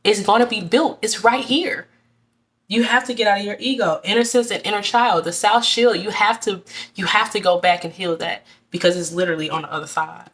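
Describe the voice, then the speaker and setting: A woman's voice: medium pitch, steady tone, fairly quick, fairly bright tone. A woman giving a casual tarot reading straight to her viewers, earnest and repetitive, often restarting her words. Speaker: tarot reader.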